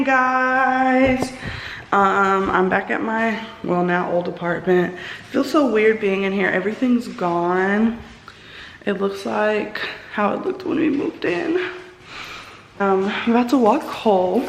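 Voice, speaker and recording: A woman's voice: mid-range voice, creaky, slight background noise. A woman in her twenties chatting casually and upbeat to her vlog audience. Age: 20s. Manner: chatty, upbeat, says "y'all". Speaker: vlogger.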